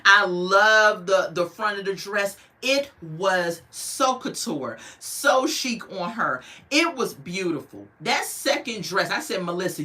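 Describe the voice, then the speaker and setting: An energetic reality show reviewer chats casually in a mid-range, bright voice. She mimics the people she's talking about in quick bursts of quoted speech and refers to her viewers as "y'all" and "baby."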